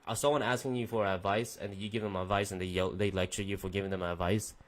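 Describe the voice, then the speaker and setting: A young man with a lowish, steady voice talks fast while hosting a casual podcast stream. He chats loosely with live chat viewers, rambling and swearing freely.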